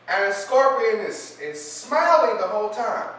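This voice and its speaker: A man's voice: sits high, normal speed. Man telling a parable in an echoey room. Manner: conversational, many fillers, animated in the story. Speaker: motivational speaker. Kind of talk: storytelling lesson. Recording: echoey room, distant mic, faint noise.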